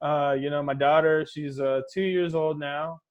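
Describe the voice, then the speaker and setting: A man's voice: fairly high pitch, fairly even intonation, moderate pace, muffled recording. A man in his thirties doing a stand-up set over a video call, telling casual, profane stories and acting out the voices of the people in them. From Los Angeles. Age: 30s. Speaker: stand-up comedian.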